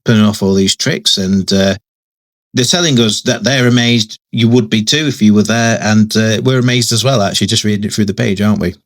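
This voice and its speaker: A man's voice: on the low side, steady tone, fairly quick. A man giving casual, chatty commentary while reviewing a comic book, often adding tag questions and restarting sentences.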